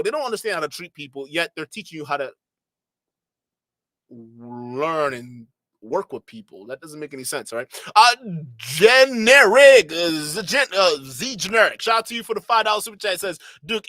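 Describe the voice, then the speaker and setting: A man streaming a casual reaction commentary, talking back to clips with sarcastic, animated asides. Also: fairly high pitch, a little fast, no echo.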